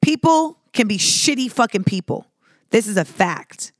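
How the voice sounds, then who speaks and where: A woman's voice: mid-range voice, expressive, unhurried, dry recording, clean studio sound. A woman hosting a podcast, answering listener questions in a candid, profane, rambling way that is full of "like" fillers. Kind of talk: casual advice talk.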